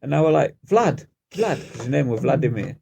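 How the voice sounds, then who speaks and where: A man's voice: medium pitch, very fast, creaky, dark tone, breathy edge. A man with a Yorkshire accent, co-hosting a podcast and telling anecdotes in casual chat with a dry, easygoing humour. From Yorkshire, England. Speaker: podcast co-host.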